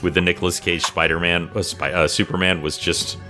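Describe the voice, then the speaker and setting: Bright-voiced male game master. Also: low-pitched, little pitch movement, fairly quick, faint music behind. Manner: chatty, hesitant with many fillers. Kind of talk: narrating a tabletop game.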